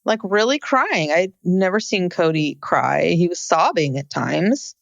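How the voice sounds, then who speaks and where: A woman's voice: lowish voice, lively intonation, measured pace, creaky, no echo, highs cut off. Wry woman podcaster, voice bounces around a lot, dry close sound. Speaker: podcast co-host. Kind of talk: casual chat recapping a reality show.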